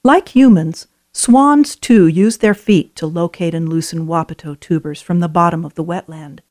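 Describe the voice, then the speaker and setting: A woman reading scripted audio tour narration about wildlife in a clear, friendly way. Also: fairly low pitch, moderate pace, a little mellow.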